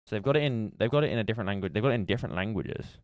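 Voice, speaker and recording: A man's voice: fairly low pitch, lively intonation, rapid-fire, no room sound, clean studio sound. A man streaming live, chatting casually and thinking aloud as he works through a guessing game. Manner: musing aloud while playing a guessing game. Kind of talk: casual livestream chat.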